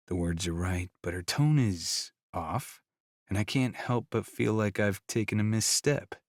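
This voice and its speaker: Low dry-voiced male audiobook narrator. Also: no room sound. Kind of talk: first-person romance audiobook narration.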